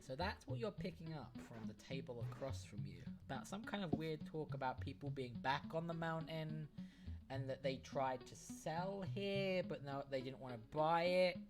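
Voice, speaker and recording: A man's voice: a little high, moderate pace, over loud music. A man narrating as game master of a tabletop game, casual, with fillers.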